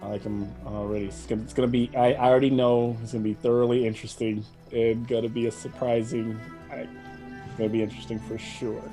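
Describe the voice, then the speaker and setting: A man acting as game master in a casual tabletop session, his voice sitting at a middling pitch. He talks loosely and stop-starts his sentences, and background music plays clearly under him. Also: little pitch movement, fast talker, warm tone, low-quality recording. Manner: loose and chatty, with frequent restarts and laughs.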